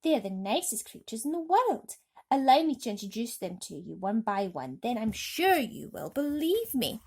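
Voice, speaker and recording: Lady doing a cheery little boy, high and bouncy, bit breathy. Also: sing-song, moderate pace, darkish tone, exaggerated voice. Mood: eager. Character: cheerful, polite small boy.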